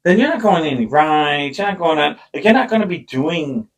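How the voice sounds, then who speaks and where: A man co-hosting a podcast, telling a story with lots of animation and the odd swear word. His voice sits a little high for a man, and he jumps into other people's voices to act out what they said. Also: a little fast. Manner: animated storyteller, swears, laughs, acts out quotes. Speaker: podcast co-host. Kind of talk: casual chat.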